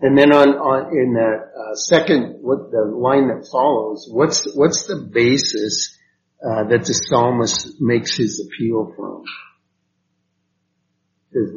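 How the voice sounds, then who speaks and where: A man praying and teaching a Bible study, talking haltingly with many fillers and restarts. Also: medium pitch. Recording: dull lo-fi recording with faint noise.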